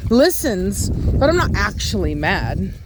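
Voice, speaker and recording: A woman chatting casually outdoors, loud and talkative, often calling out to her dogs. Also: medium pitch, big pitch swings, takes it slowly, noisy background. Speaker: vlogger and dog breeder. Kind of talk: casual outdoor vlog chat. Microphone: handheld phone camera.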